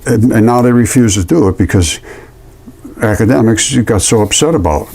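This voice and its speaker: A man's voice: lowish voice, normal speed, creaky. A man talking indignantly in a casual vlog while showing specimens, repeating himself as he tells the story. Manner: indignant, repetitive, animated storytelling. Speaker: amateur fossil presenter.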